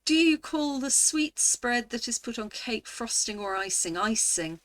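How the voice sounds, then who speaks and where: Bright-voiced English woman thinking aloud. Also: fairly high pitch, lively intonation, measured pace. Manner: thinks aloud, sounds words out, exclaims in disbelief. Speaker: vlogger. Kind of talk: casual talk-through of an online quiz.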